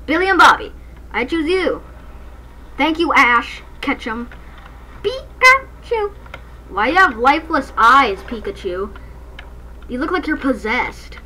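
A woman hosting a gaming channel, giving excitable, jokey let's-play commentary from a dark room at night and breaking into snatches of song. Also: sits high, slow, long pauses, a little hiss or hum, low-quality recording.

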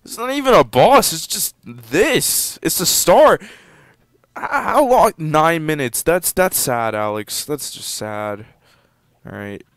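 A teenage boy casually commenting on a game he plays, given to sudden loud excited outbursts. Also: slow pace, no room sound. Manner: excitable, jumps into loud high-pitched outbursts. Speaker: gameplay commentator. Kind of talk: casual let's-play commentary.

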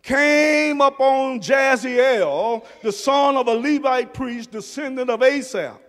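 Brief: male pastor, sermon delivery, very high voice and slow pace, soft-to-shouting dynamics. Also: big-room sound. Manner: swings from soft low murmurs to shouted emphasis. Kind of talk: preaching a sermon. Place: church sanctuary.

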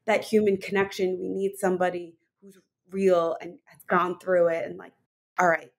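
A woman's voice: on the low side, little pitch movement, normal speed, creaky. Woman, health coach guest, enthusiastic, rambling, filler-heavy talk. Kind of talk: conversational interview.

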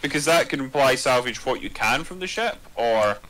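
A man's voice: medium pitch, animated, normal speed, a bit bright, slight background noise. A man playing a tabletop game, thinking aloud and joking with dry sarcasm. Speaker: player. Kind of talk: casual chat at a tabletop game.

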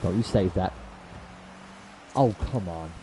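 Deep, slow and warm, this man's voice carries casual live commentary to his viewers as he games. He leans on slang and "bro," curses and rages over plays, then says sorry. It's a low-quality recording with a little hiss or hum.

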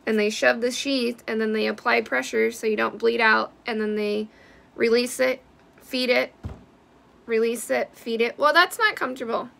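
A woman's voice: on the high side, fairly even intonation, normal speed, vocal fry, a bit bright. A woman giving a blunt, heated personal vlog update who swears freely. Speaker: vlogger sharing a personal health update.

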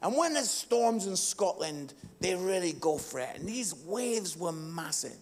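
A middle-aged male pastor preaching a live sermon in church, impassioned and swinging between hushed tones and shouting. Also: sits high, very animated, measured pace.

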